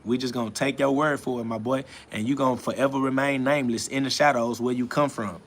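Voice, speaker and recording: A man's voice: mid-range voice, steady tone, quick pace, a little hiss or hum. A man hosting a casual livestream, answering chat comments in a mocking, preachy, profane and rambling way. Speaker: livestream host.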